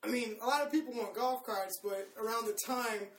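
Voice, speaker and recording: A man's voice: extremely high pitch, fairly quick, a bit bright. A young man telling prank stories in casual chat, laughing often and swearing. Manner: laughs often, swears, acts out quoted voices. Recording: echoey room, far from mic, noisy.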